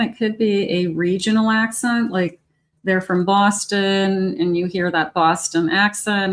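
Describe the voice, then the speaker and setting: Chatty woman reading tarot cards. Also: medium pitch. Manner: chatty, thinks aloud while reading cards. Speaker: tarot reader.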